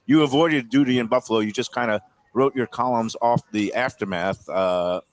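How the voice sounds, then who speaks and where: A man's voice: mid-range voice, moderate pace. Man, middle-aged, radio host, headset mic, sports pub, self-deprecating rambling banter. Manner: loose, self-mocking, rambling. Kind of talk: live casual sports-talk banter.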